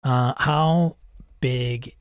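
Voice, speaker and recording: A man's voice: mid-range voice, steady tone, very slow, dry recording, studio quality. A man hosting, reading a text adventure aloud and reacting, wry and self-amused, chuckling at the game. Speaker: host.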